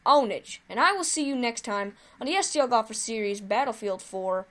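A woman hosting her own gaming video, giving chatty, excitable live commentary while she plays and cheering at her wins. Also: a little high, fairly quick, hardly any pauses.

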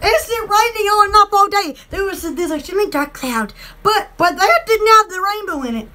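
A woman hosting a casual live shopping stream, excitable and giggly with lots of exclamations. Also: extremely high pitch, moderate pace.

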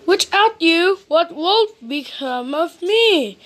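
A woman's voice: expressive, slow pace, fairly bright tone, heavily acted. A woman doing a yelping clumsy little storybook man. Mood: grateful. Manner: high yelping cries for help. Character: clumsy cartoonish little man, panicky and grateful. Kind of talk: storybook read-aloud.

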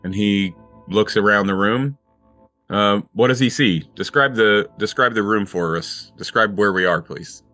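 A man's voice: on the low side, unhurried, bright, forceful tone, faint music behind. A man running a tabletop game as game master, setting scenes and asking his player questions.

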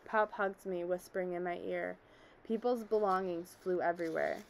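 A woman reading a story aloud in calm, plain narration. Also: fairly low pitch, moderate pace, creaky, a little hiss or hum. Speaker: story reader.

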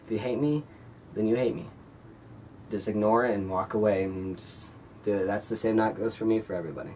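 A man's voice: lowish voice, fairly quick, a little hiss or hum. A young man in his late teens telling a story from his school days in a casual vlog, rambling and swearing. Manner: rambling, swearing, excited retelling. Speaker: vlogger.

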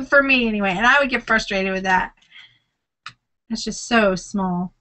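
A woman's voice: medium pitch, measured pace, pushed and bright, rough recording. A middle-aged woman chatting casually at home in a crafting vlog, laughing often. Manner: chatty, laughs often, squeals when startled. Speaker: crafting vlogger.

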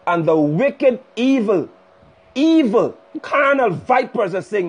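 A man's voice: very high-pitched, animated, normal speed, breathy edge. A male preacher delivering a fiery, scolding sermon live over a phone stream. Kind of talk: sermon on a livestream. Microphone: phone livestream.

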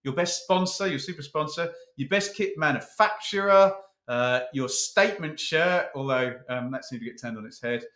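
A man's voice: on the high side, moderate pace, fairly bright tone, echoey room. A man hosting a casual chat, talking straight to his viewers in a chatty way. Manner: chatty, addresses the viewers directly. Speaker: host.

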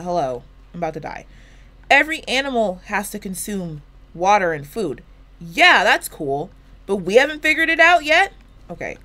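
A woman's voice: medium pitch, fairly bright tone. A woman with a lisp chatting casually while playing a video game, rambling through profane, jokey complaints. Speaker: gaming YouTuber.

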